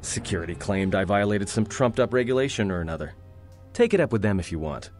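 A gruff, wisecracking rogue. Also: male voice, very animated, fast talker, darkish tone. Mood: sardonic. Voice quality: low and gruff. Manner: wry, cocky, dry jokes. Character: sarcastic roguish young man prisoner. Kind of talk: video game voice acting. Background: game music.

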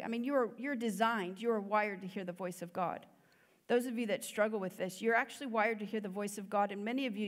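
A woman giving a sermon as a guest preacher, in an earnest, conversational way with many fillers. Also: a little high. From United States. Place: church hall. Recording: long church hall reverb.

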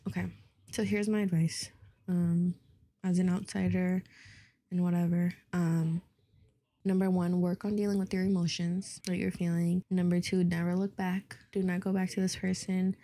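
A woman's voice: on the low side, level tone, moderate pace, warm tone. A woman hosting an advice video, talking in an earnest, heartfelt way and swearing casually. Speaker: host of an advice series.

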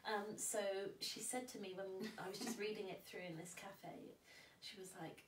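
A woman's voice: mid-range voice, steady tone, normal speed, hardly any pauses. Giggly woman in a roomy space. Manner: chatty, laughs often. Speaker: guest filmmaker and actress. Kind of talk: casual chat. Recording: roomy distant mic with faint noise.

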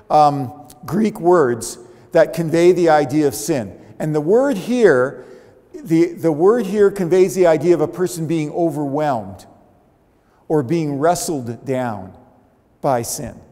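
A man preaching a sermon as pastor, in a conversational, animated way, acting out little everyday reactions as he goes. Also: fairly high pitch. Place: church sanctuary. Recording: long church reverb.

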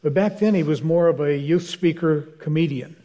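Older male minister, dry storyteller, somewhat high, mellow tone. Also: moderate pace. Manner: wry anecdotal storyteller, acts out dialogue. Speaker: guest speaker, minister. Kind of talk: storytelling in a church Q&A. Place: church hall.

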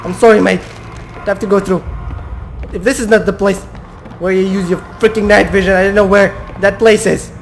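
Jumpy high-voiced gamer with gravelly edge. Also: male voice, fairly even intonation, normal speed, long pauses, slight background noise. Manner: jumpy, talking to himself and viewers, swearing. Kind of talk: horror game commentary.

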